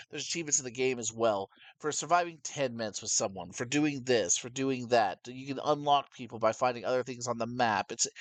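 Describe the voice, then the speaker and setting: A young man co-hosting a casual gaming chat, rambling and animated, with many restarts. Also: mid-range voice, no room sound. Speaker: podcast co-host.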